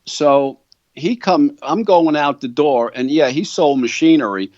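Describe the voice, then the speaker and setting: A man's voice: on the high side, a little slow, no room sound, highs cut off. An older man, a guitar company founder telling a long story in an interview, acting out what others said. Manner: animated storyteller, quoting others' words.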